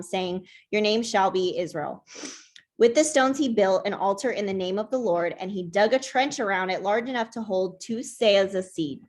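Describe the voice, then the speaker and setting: Young woman reading scripture aloud. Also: medium pitch. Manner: plain reading voice with hesitant restarts over names. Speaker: Bible study leader.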